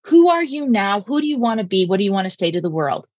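Husky-voiced woman podcast host. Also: mid-range voice, quick pace, no room sound, lo-fi sound. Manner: lively, emphatic, animated. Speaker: communication coach and podcast host. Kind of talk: casual interview chat.

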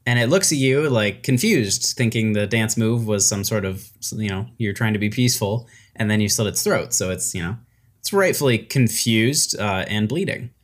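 A woman narrating a tabletop game as game master, relaxed and halting with fillers. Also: rumbling low.

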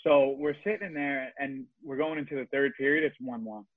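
A man's voice: medium pitch, brisk. A young man who tells a story in a loose, rambling way and swears often. He sounds like he is on a thin, phone-like line. The sound is dry, with no room echo. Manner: rambling, profane, animated storyteller. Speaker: podcast guest, former junior hockey player. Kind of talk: casual storytelling chat.

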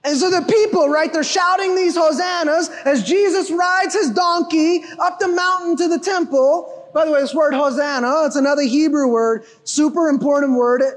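A man with a very high voice preaches a sermon, animated and emphatic, often shouting a point home. His voice rings out with a long reverb, as if recorded in a church hall. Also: measured pace. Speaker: pastor.

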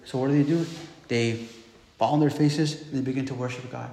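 A man's voice: mid-range voice, steady tone, quick pace, darkish tone. A man preaching a casual, conversational sermon, often repeating words and checking in with "right?". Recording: echoey hall with long reverb.

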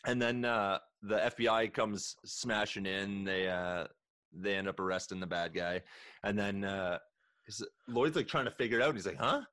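Lowish man recapping a comedy film. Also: fairly even intonation, moderate pace, a bit bright, no echo, studio quality. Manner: retells scenes, acting out lines with laughs. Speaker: podcast co-host. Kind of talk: casual movie recap chat.

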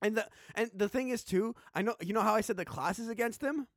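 A man's voice: high-pitched, fast, a bit bright, dry recording, studio quality. A man hosting a casual chat, rambling with lots of fillers and restarts, acting out characters in his retelling. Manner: rambling, filler-heavy, acts out characters mid-story.

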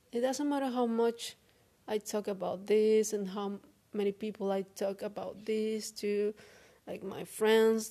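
A woman speaking English as a second language in a personal confessional vlog. She sounds weary and frank, talks haltingly, and swears often. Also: on the high side, dark tone. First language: not English. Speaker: vlogger.

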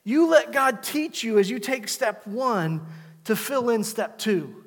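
A man's voice: very high voice, very animated, slow, long reverb tail. A middle-aged man preaching a sermon in a church, with repeated exhortations and stories from his own life. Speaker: pastor. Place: church sanctuary.

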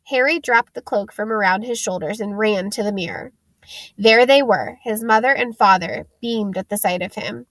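A woman's voice: medium pitch, moderate pace, a bit bright, no echo. Woman reading a storybook, dry and close. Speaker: audiobook reader. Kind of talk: audiobook narration.

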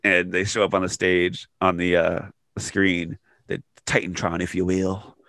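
A man co-hosting a podcast, recapping wrestling in casual chat, excitable and laughing often. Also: sits low, unhurried, no echo, clean studio sound. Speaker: podcast co-host.

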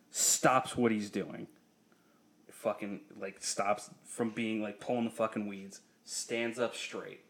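A man's voice: medium pitch, creaky. A young man co-hosting a podcast, telling a story in casual, profane chat and laughing often. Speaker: podcast co-host.

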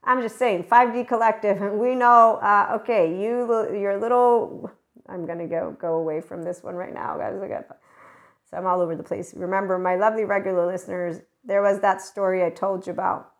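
Woman host for a loose spiritual talk show, mid-pitched, rambles and laughs, swears freely. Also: steady tone, fairly quick, vocal fry. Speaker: podcast host. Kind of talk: casual spiritual monologue.

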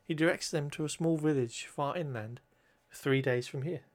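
A man's voice: fairly high pitch, normal speed. A man co-hosting a casual podcast, recapping a film plot in a wry, chatty way with plenty of ums.

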